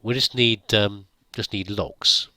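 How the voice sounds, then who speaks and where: A man's voice: lowish voice, steady tone, slow, pushed and bright, dry recording. A man giving casual gameplay commentary, chatting to himself and laughing at his own mistakes. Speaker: gameplay video host.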